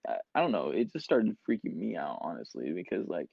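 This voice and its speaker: A man's voice: low-pitched, big pitch swings, brisk, vocal fry, no room sound. A young man and podcast co-host telling a long casual story, full of filler words and acted-out quotes. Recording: dull lo-fi podcast mic.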